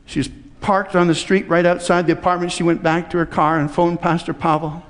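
A man with a high voice preaches in a church, and his words ring out with a long hall reverb. He tells a story conversationally, with folksy asides to the congregation. He acts out each character's lines as he goes. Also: little pitch movement, fairly quick. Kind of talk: sermon with storytelling.

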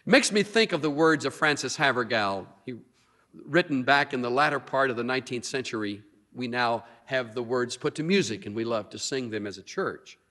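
A man's voice: mid-range voice, moderate pace. Man preaching a sermon, leans hard on key words, big echoey sanctuary sound. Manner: animated, stretches key words for emphasis. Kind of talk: expository sermon. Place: church sanctuary. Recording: long reverb of a hall.

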